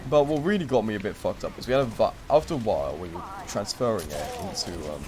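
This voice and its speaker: A young man on stream tells a rambling story in casual chat, packed with fillers and acted-out quotes. His fairly low voice moves quickly with lively intonation, and music plays behind him.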